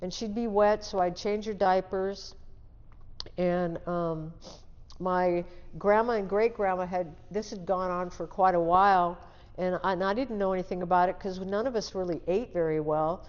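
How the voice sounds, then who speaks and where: A woman's voice: fairly low pitch, steady tone, normal speed. A woman in her sixties from the Seattle area, telling her life story as an interview guest in a candid, plain-spoken way. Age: 60s. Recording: dull, lo-fi sound with long reverb.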